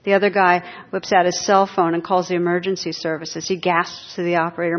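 Woman meditation teacher, lowish voice, reflective, pausing, self-amused humor; muffled lo-fi recording. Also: little pitch movement. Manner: reflective, pausing, laughs at her own jokes. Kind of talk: dharma talk. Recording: dull lo-fi talk recording.

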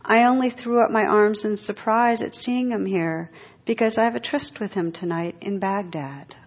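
A woman's voice: medium pitch, normal speed, husky. A woman voicing Death as a polite, astonished male spirit in a told fable, with a courteous, reassuring manner. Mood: earnest. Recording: dull lo-fi talk recording.

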